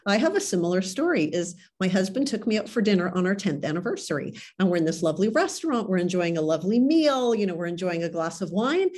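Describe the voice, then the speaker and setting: A woman's voice: on the low side, sing-song, quick pace, hardly any pauses, a little mellow. Earnest woman doctor on a podcast. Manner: earnest, conversational, fond of "like" and "right". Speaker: guest doctor. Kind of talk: casual podcast interview.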